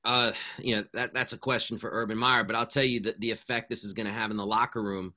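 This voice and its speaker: A man on a sports panel arguing his point emphatically, stacking up sharp rhetorical lines. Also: lowish voice, level tone, fast. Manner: emphatic, building rhetorical lists. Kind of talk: panel discussion.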